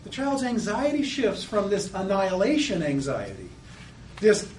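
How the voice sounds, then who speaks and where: A man gives a lecture in a high, animated voice and slips into little acted-out voices of children to make his points. The sound is roomy and echoey. He is set back from the microphone, with a faint hum of room noise behind him. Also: normal speed. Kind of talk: lecture on psychoanalytic theory. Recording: echoey room, mic at a distance.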